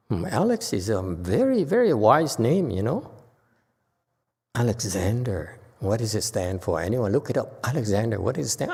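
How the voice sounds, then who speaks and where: A man teaching as a Buddhist master in a Dharma lecture, teasing and blunt with his listeners and laughing often. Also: mid-range voice. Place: temple lecture hall. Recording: long hall reverb.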